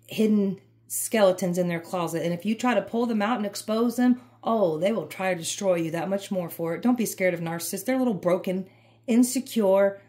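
A woman's voice: mid-range voice, a little mellow. A woman giving an emphatic, repetitive, fired-up tarot reading. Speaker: tarot reader.

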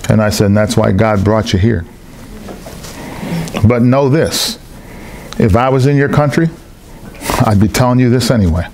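A man's voice: fairly low pitch, moderate pace, long pauses, a little hiss or hum. A man preaching a sermon in a church hall, telling personal stories and acting out the voices of the people in them. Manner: animated storytelling, acts out other people's lines.

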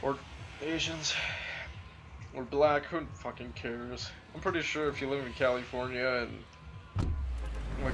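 A young man with a mid-range voice talks over his game in a loose, rambling way. He swears constantly and breaks into sudden yelling. A faint hiss runs underneath. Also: medium pitch. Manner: profane, rambling, with loud yelling outbursts. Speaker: gaming video host. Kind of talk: casual gameplay commentary.

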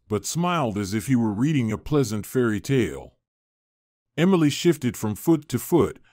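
A man narrating a scripted story in an even storybook reading style. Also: medium pitch, no room sound, studio quality.

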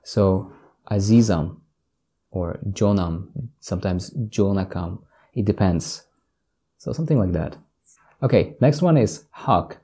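A man from northern Tajikistan, speaking with a Tajik accent, gives a casual language lesson, patiently explaining words slowly with examples and repeating each one. His voice is low, warm, and slightly rough.

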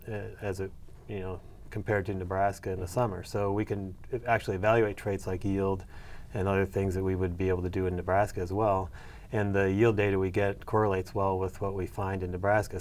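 A middle-aged man answering interview questions about his research, hesitant with many fillers and restarts. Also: fairly low pitch. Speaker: soybean breeder and agronomy professor.

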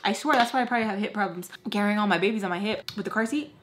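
A young woman chatting through a storytime while doing her makeup, animated and acting out the other people's lines. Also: medium pitch, rapid-fire, a little hiss or hum. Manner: chatty, animated, acts out quoted voices. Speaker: beauty vlogger.

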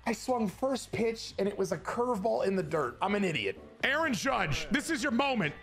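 A young man streaming a baseball video game, joking, swearing and shouting at big plays over game music. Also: high voice, big pitch swings, moderate pace. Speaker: gaming streamer. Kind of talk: excited video game commentary. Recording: game music playing behind.

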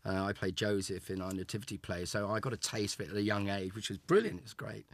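A man's voice: on the low side, fast. An older man from England, a guest in a casual interview, reminiscing in a chatty way with many restarts. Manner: chatty, repeats and restarts words. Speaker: interview guest, former child show actor.

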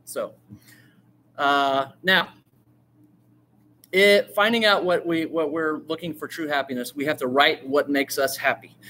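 A man teaches storytelling to a class in an animated, chatty way, acting out quotes and throwing questions to the room. His voice sits a little high. A faint hiss runs under the recording. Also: a little slow, long pauses. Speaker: writing teacher. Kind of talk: lively classroom talk on storytelling.

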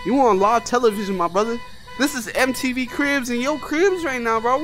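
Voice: mid-range voice, expressive, brisk, a bit bright, soft background music. A young adult gamer giving let's-play commentary, taunting and cursing at an unseen ghost and getting easily startled. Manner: taunting, profane, trash-talking the ghost. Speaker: gamer playing a VR horror game.

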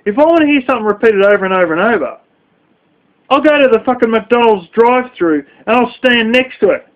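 A man's voice: extremely high pitch, lively intonation, brisk. A man vlogging in a scornful, heavily profane rant. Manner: scornful, heavy swearing. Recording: dull lo-fi recording.

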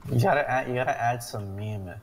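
A man on voice chat teasing his friend and giving quick raid callouts to the team. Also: medium pitch, a little hiss or hum. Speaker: teammate on voice chat. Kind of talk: casual gaming chat. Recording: distant voice-chat mic.

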